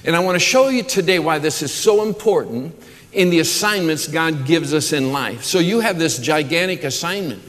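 Guy preaching a sermon, eager and warm with the crowd, voice a bit high, lots of uh and restarts, big church hall echo. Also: expressive, moderate pace. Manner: enthusiastic, repeats words and restarts with frequent uh; warm asides to the congregation and online viewers. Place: church auditorium with a congregation. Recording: long hall reverb.

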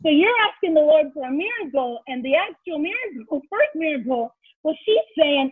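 Brief: high-pitched woman, animated storyteller, dry phone-like sound. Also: normal speed, hardly any pauses, dry recording. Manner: animated storyteller, acts out quotes. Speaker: guest, children's ministry leader. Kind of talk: storytelling in a faith interview. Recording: tinny phone-like line.

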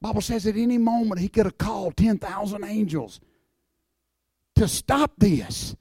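An older man with a drawl preaches to a church congregation in a folksy, emphatic way. His voice sits a little high, and the sound is dry and close. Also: moderate pace, breathy edge, dry recording. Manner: folksy, emphatic preaching that drops to hushed prayer. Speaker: guest speaker, former wrestler. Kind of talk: evangelistic church talk.

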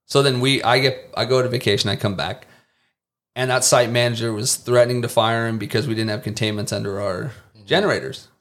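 Man, casual storyteller, lively anecdotes, occasional swearing, average pitch. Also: brisk. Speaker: podcast guest.

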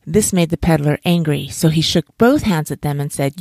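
A woman reading a bedtime story aloud in a gentle, soothing, unhurried way. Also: deep voice, dry recording, studio quality.

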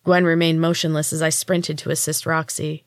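A woman narrating a story in the first person, in an even, measured reading as a podcast host. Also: sits low, no room sound, studio quality.

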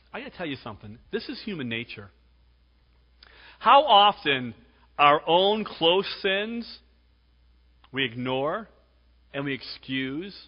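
A male pastor preaching a sermon, emphatic, swinging between loud exhortation and hushed tones. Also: mid-range voice, husky. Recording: dull lo-fi recording with long hall reverb.

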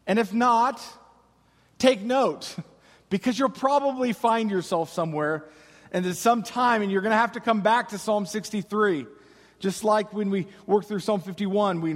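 A man preaching a sermon as pastor, with slow dramatic pauses and impassioned cries. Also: high voice, long reverb tail.

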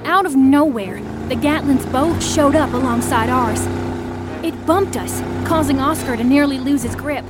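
A woman narrating a first-person audio story, expressive, acting out the shouted lines. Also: sits high, measured pace, loud music behind the voice.

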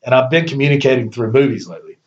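A podcast host talks in an easy, rambling, animated way, breaking into bursts of enthusiasm and quick laughs during casual chat. His voice is middle-pitched with a darkish tone, and the recording sounds a little dull and lo-fi.

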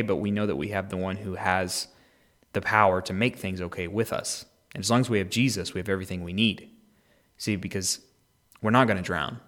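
A man's voice: fairly low pitch, a bit bright. A man hosting a daily Bible podcast, explaining a passage in a conversational way and then praying aloud earnestly. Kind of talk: devotional Bible reading and prayer.

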